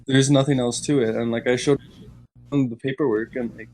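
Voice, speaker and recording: A man's voice: mid-range voice, steady tone, brisk, darkish tone, slight background noise, poor audio. Young man, podcast guest, rambling storyteller, filler-heavy, casual. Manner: rambling, heavy use of "like", laughs while telling. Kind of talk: casual chat.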